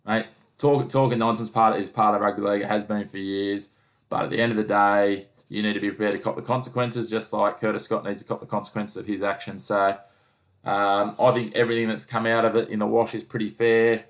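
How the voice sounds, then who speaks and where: A man's voice: on the low side, level tone, brisk. A man hosting a casual sports chat, blunt and teasing, pushing his co-host for answers. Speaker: podcast host.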